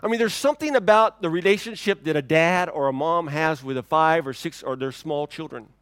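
Man, pastor, sermon, slightly high voice, dry sound, loud then hushed. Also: brisk, clean tone, no room sound. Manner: conversational and dynamic, swinging from loud to hushed.

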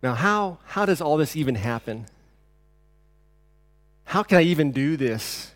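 A pastor delivering a sermon, swinging between loud declarations and quiet, intense passages. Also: male voice, fairly high pitch, expressive, measured pace, no room sound.

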